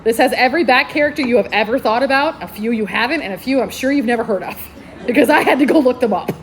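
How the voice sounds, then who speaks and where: Speaking a little high and fast, a woman librarian enthusiastically recommends books on a convention panel. She laughs frequently as she presents her picks.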